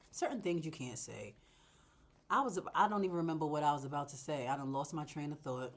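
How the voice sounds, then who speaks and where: A woman talks her way through a home plant-repotting vlog, loose and chatty, laughing and turning to the viewers as she goes. Her pitch swings up and down with lively energy, from playful highs to low asides. It sounds like easy everyday conversation with a camera. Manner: animated and talkative, laughs and addresses viewers directly. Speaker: plant vlogger, channel host.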